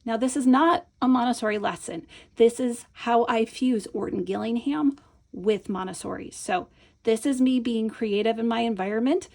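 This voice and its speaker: A woman with a slightly high, gravelly voice walks through a classroom reading lesson step by step. She is patient and encouraging, pausing to check that the viewer is following along. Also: darkish tone. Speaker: Montessori teacher. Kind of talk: instructional demonstration.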